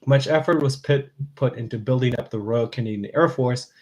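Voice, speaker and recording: Male narrator, scripted history read, measured and dry, mid-pitch. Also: darkish tone, rough recording.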